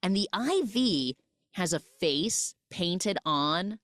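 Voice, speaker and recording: Woman host for a comic recap podcast; lively, playful delivery on a dry close mic. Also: on the low side, slow, no room sound. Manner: animated storytelling, quoting characters in mock voices. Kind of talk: casual comedic film recap.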